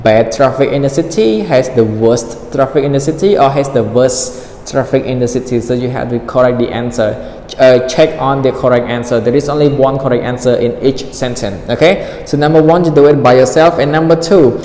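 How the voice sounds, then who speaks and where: A man teaching an English lesson, repeating vocabulary slowly and acting out rising and falling intonation. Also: mid-range voice, dark tone. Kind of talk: online classroom explanation. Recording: echoey reverberant room with faint noise.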